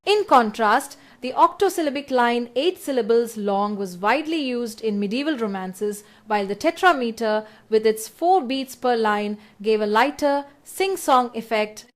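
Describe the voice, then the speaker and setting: A woman lecturing on poetry in a scripted exam-prep lesson, with clear, measured explanations. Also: a little high, lively intonation. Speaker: literature lecturer.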